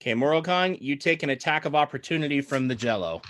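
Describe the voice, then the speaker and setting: A man running a tabletop game as dungeon master, narrating in a playful, animated way with quick asides. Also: fairly high pitch.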